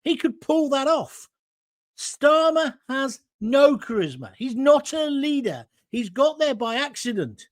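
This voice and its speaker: Host, combative sarcastic rant, pitch jumping all over. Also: male voice, sing-song, unhurried. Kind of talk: political opinion rant.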